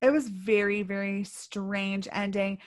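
A woman's voice: medium pitch, steady tone, a little slow. A woman co-hosting a podcast, chatting casually and frankly about a movie that frustrated her. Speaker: podcast co-host. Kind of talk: casual movie review chat.

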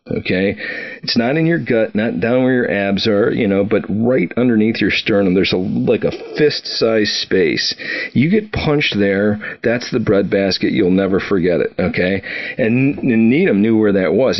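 A man's voice: lowish voice, lo-fi sound. A middle-aged man casually telling stories from his military career, rambling with many fillers and restarts and chuckling now and then. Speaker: podcast guest recounting military career. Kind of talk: casual storytelling.

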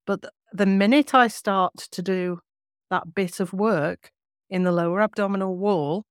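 A woman voice coach explaining vocal technique in a clear, measured teaching manner. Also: lowish voice, dry recording, clean studio sound. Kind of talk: podcast teaching.

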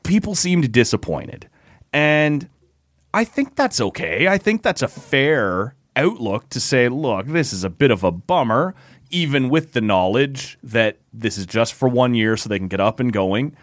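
A man's voice: mid-range voice, sing-song, unhurried, no echo. A man hosting a podcast in a studio, chatting casually and thoughtfully with lots of hedging. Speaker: podcast host. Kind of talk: casual chat.

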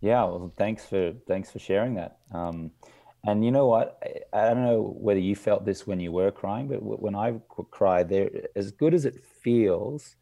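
A man hosting a podcast interview, speaking in a measured, hesitant way with many restarts. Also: on the low side, creaky, dark tone. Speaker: podcast host. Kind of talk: casual interview.

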